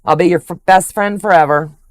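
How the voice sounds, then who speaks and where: A woman's voice: fairly low pitch, a little fast, no room sound. An older woman hosting a quilting livestream, chatting casually and gushing affectionately over viewers' comments.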